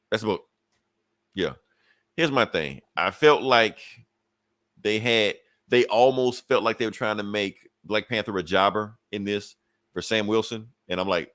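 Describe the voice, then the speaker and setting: A man's voice: fairly low pitch, a bit bright, no room sound, studio quality. A man co-hosting a podcast, casually retelling a comic book story and acting out the characters' lines with cursing. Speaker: podcast co-host.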